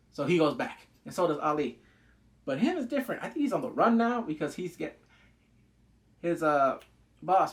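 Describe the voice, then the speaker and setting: Excitable rambling man reviewing a show. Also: on the high side. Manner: excitable, rambling, swears freely, acts out quotes. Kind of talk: casual spoken review.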